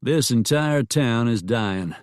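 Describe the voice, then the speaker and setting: A man's voice: medium pitch, expressive, slow pace, no room sound, clean studio sound. A man voicing a blunt, teasing small-town sheriff in a Western audiobook. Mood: plain. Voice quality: wry, blunt.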